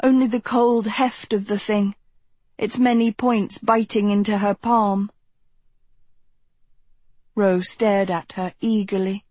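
A woman narrating a novel in an even, measured reading, recorded close to the mic. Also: medium pitch, dry recording. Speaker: audiobook narrator. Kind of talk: scripted narration.

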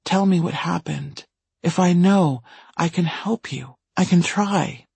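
Man reading a calm, hoarse husband. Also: high-pitched, slow pace, dry recording, full character voice. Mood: cold calm. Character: husband, adult man, tense and controlling.

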